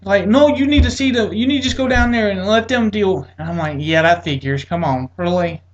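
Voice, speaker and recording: A man recounts a long personal ordeal in a loose, conversational way. His frustration shows as his voice leaps up when he replays his own complaints, then sinks into quieter asides. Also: brisk, dull audio. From Atlanta area, United States. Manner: exasperated, acts out quotes with rising pitch. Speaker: military veteran telling his story. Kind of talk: casual personal storytelling.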